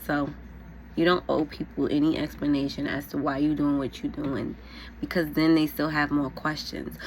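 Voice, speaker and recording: A woman's voice: deep voice, little pitch movement, normal speed, slight background noise. A young woman, telling a storytime vlog while getting ready, casual and frank, full of "like" and "you know". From New York. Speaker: vlogger.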